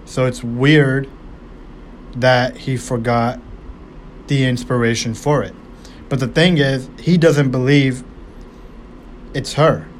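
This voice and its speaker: A man's voice: mid-range voice, fairly even intonation, slow, long pauses, slight background noise. A man casually breaking down a movie, rambling and swearing, with lots of fillers and restarts. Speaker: movie reviewer.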